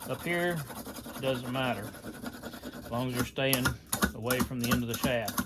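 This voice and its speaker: A man's voice: mid-range voice, moderate pace, very noisy. A man giving a casual hands-on demonstration, talking in a folksy, rambling way with many fillers and self-corrections. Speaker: archery how-to presenter.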